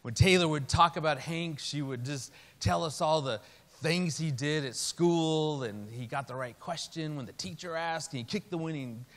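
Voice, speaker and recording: A middle-aged man giving a sermon in a storytelling way, animated and humorous by turns, then earnest. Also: on the high side, moderate pace. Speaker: Christian speaker. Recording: reverberant hall with faint hiss.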